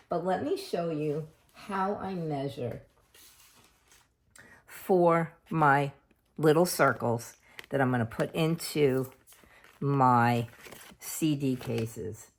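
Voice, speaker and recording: A middle-aged woman hosting a casual craft tutorial at home, chatting homely and unhurried while she works with her hands. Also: deep voice. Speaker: craft video host.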